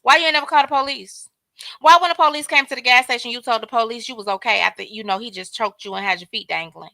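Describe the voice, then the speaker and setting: Talking straight to her viewers and calling out names from chat, a woman hosts casual livestream commentary. She speaks fast in a higher, creaky voice with a sharp tone, and the recording is dry.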